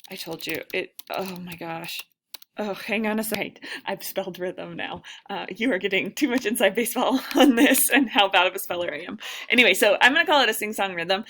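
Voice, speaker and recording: A woman's voice: medium pitch, fairly quick, fairly bright tone, slight background noise. A woman instructor giving a casual recorded lecture, thinking aloud with lots of fillers and self-deprecating asides. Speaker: writing instructor.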